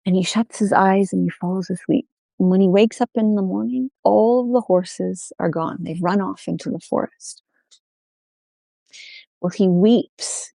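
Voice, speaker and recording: Storyteller woman, oral folk tale, unhurried, warm dry close sound. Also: mid-range voice, creaky, no echo. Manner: unhurried, repetitive refrains. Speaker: storyteller guest.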